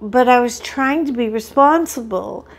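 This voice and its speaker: A middle-aged woman with a fairly high voice chats through an unboxing for her crafting channel. She talks at an unhurried pace, gets excited easily and keeps joking about herself. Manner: chatty, excitable, self-deprecating. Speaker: crafting vlog host. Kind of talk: casual chat while unboxing.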